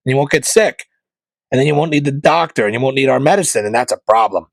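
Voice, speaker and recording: A man's voice: medium pitch, fast, vocal fry, no echo. A male comedian hosting his podcast, delivering a sarcastic, conspiratorial comic rant. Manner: sarcastic, conspiratorial, mocking voices of corporations.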